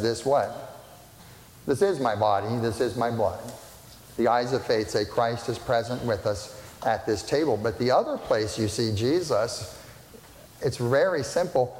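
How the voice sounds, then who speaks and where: A pastor giving a conversational sermon, often asking the congregation questions. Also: male voice, mid-range voice, a little mellow. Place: church sanctuary. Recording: echoey church sanctuary, long reverb, faint hiss.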